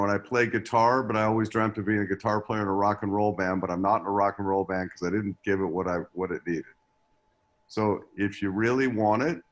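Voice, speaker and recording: A man speaking as a guest agent in an online acting class, earnest and rambling with many restarts. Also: fairly low pitch. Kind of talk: advice in a live video-call class. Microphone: video call.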